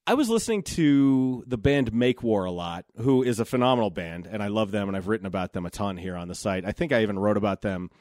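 A man's voice: on the low side, animated, fast, few pauses, a little mellow, no echo, clean studio sound. A man in his forties hosting a solo podcast, talking candidly and reflectively, with casual swearing. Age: 40s. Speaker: podcast host.

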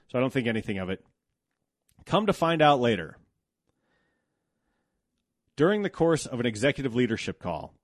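A man's voice: medium pitch, no room sound, clean studio sound. Blunt, profane man telling his story. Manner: blunt and profane, animated when indignant. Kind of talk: candid personal storytelling.

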